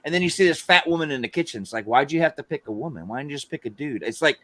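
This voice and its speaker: A man's voice: fairly high pitch, very fast, no room sound. A man from Georgia, co-hosting a casual chat and rambling through his points with many restarts. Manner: animated, rambling with repeated restarts. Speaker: podcast co-host.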